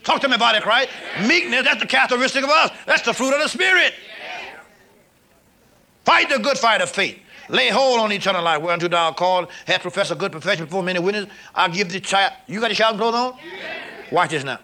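A man preaching a sermon to a congregation, reading scripture and leading call-and-response, building up to shouts. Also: high voice, fast. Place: church service with a congregation.

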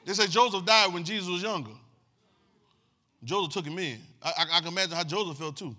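Man, preacher, high voice, very bright tone, animated sermon, call and response. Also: fast talker. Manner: animated street-talking preaching, call and response, shouting at peaks.

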